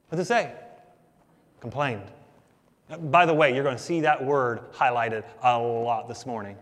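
A man's voice: mid-range voice, unhurried, long pauses. A male pastor delivering a sermon, talking to his listeners as "guys" and asking them rhetorical questions. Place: church sanctuary. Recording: long reverb of a church hall.

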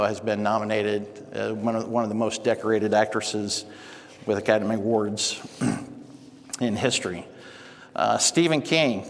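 A man teaching at church, telling stories in a folksy way with many fillers. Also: mid-range voice. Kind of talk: sermon. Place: church hall. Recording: long hall reverb.

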